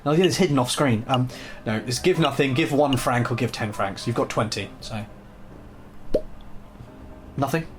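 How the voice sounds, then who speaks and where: A man's voice: medium pitch, moderate pace, pauses often, noisy background. A young British man hosting a let's play, reading game text aloud and chatting playfully.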